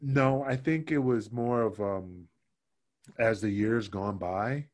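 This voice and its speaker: A man spins a backstage story in a casual, animated way, jumping into other people's voices and cursing as he quotes them. His voice sits on the low side. The sound is dry and close. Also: slow pace, dry recording. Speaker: podcast guest.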